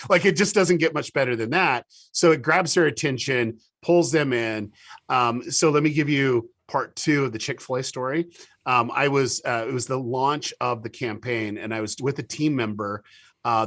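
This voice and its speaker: A TV show producer, a man of middling pitch, chats as a guest in a casual interview, eagerly spinning anecdotes. He's an animated storyteller who stumbles over many restarts and acts out other people's words as quoted dialogue. The sound is dry and close, with no room echo.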